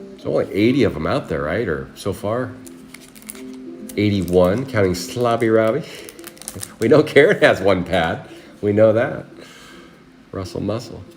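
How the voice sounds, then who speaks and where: Man, low voice, casual card-break host, rambling chat, music behind. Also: creaky. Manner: rambling, chatty, talks to viewers by name.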